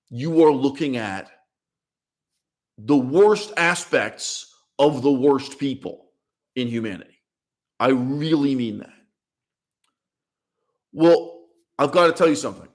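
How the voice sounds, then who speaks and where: A man hosting a language channel, giving a blunt, opinionated livestream monologue and laughing between points. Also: on the high side. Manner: emphatic, blunt, laughs mid-sentence, repeats words. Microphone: streaming setup mic.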